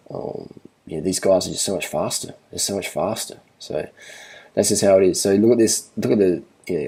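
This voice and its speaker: A man's voice: low voice, mellow, slightly rough. A man gives casual commentary over race footage in a blunt, profane way, repeating himself for emphasis. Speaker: cycling vlogger.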